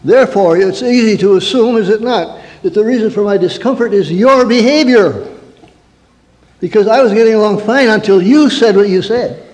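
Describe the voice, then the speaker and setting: A man whose job is counseling speaks in a high, darkish voice at a moderate pace. He delivers a lighthearted sermon-style talk of stories, rhetorical questions, and mock-angry asides, recorded in a reverberant hall.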